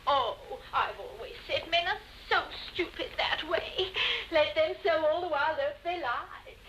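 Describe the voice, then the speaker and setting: A gushing, catty society busybody in a 1950s television drama, all honeyed sweetness. Her voice sits high and bright and swoops all over the place. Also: animated, a little slow, dull audio, a little hiss or hum. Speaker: visiting friend.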